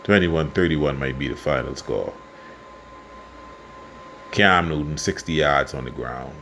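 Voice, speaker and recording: A Bahamian man giving casual football commentary and predictions, passionate and quick to get worked up. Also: rumbling low, a little hiss or hum. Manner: passionate, gets worked up and loud. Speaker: sports fan vlogger.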